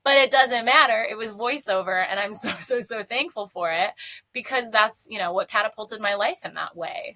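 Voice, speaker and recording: A woman in her thirties, a guest in an interview, talking earnestly and quickly with light laughs. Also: mid-range voice, bright, forceful tone. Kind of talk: casual interview talk.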